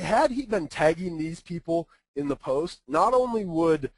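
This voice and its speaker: A man's voice: on the high side, lively intonation, measured pace, no room sound, poor audio. A man giving a casual webinar presentation, talking conversationally and often checking in with his listeners.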